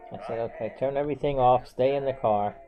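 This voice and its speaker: A man's voice: mid-range voice, fast talker. A man telling a personal story in a casual, rambling way, full of "you know" and restarts. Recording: dull lo-fi with faint music.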